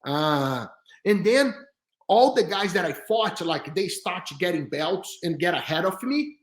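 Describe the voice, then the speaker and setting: A man telling stories as a podcast guest in an animated, chatty way, with slightly non-native grammar. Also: high-pitched, unhurried. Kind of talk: storytelling in casual chat. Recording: roomy echo.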